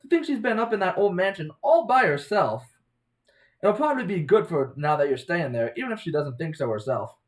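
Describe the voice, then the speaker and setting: An upbeat, chatty young woman from a small mountain town, as a man puts her on. She talks in a raised, friendly voice with lively rises and falls. She sounds eager to make a newcomer feel welcome. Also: brisk, rough recording. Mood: concerned. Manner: bright, chatty, higher-pitched.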